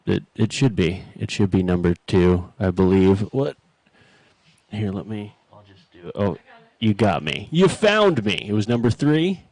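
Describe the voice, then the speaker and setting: A man's voice: fairly low pitch, big pitch swings, a little slow, darkish tone, no echo, far from the mic. A man hosting his first live stream from a home studio, chatty, self-deprecating and a bit nervous. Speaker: host. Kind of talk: casual live stream chat.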